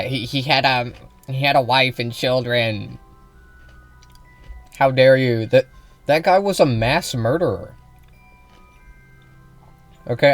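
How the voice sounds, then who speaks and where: A man giving heated, profane commentary on a live stream, often repeating himself and restarting sentences. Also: mid-range voice. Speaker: political streamer reacting to a clip.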